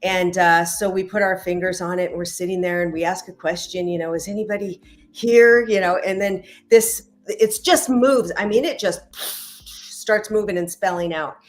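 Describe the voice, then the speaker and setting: A woman's voice: fairly low pitch, moderate pace, soft background music. Chatty woman telling spiritual stories. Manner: chatty, animated, acts out quoted dialogue. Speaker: guest, matchmaker and intuitive reader. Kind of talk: casual interview storytelling.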